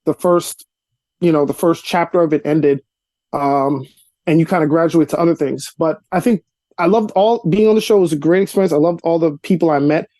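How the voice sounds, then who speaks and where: This young man from Brooklyn, New York, an actor and comedian, is a guest in a casual interview conducted by video call from a cluttered room in his apartment. His delivery is brisk and echo-free, and he performs the dialogue in his stories, pitching his voice upward for the quotes.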